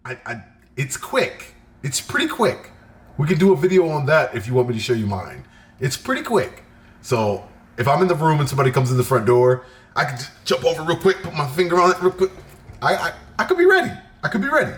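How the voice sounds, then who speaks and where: A man's voice: fairly high pitch, fast. Laid-back man reacting to comedy. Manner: relaxed, agreeable, repeats himself. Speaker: reaction video host. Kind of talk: casual commentary.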